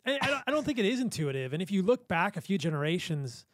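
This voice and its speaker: Guesting on a podcast as a physician, a man chats casually and tells stories, laughing often as an enthusiastic storyteller. His high voice is sing-song and fast, and the recording is dry.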